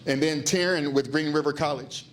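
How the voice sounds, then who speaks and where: A man's voice: fairly high pitch, fairly even intonation, normal speed. A man hosting a business luncheon, giving chatty welcoming remarks and repeating words for emphasis. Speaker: business engagement manager, event host. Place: meeting room at a luncheon.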